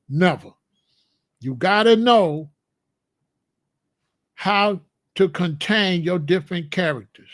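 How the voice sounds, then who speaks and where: A man's voice: high voice, no room sound, studio quality. A man giving a blunt, emphatic, scolding monologue to viewers in a live chat, speaking as a commentator.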